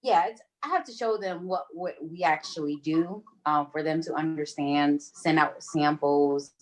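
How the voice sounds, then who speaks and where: A woman in her thirties from Rhode Island, USA, speaks in a low, steady, unhurried voice. She's a guest on a casual interview, chatting easily about her screen-print business, giggly and relaxed with plenty of ums and little laughs.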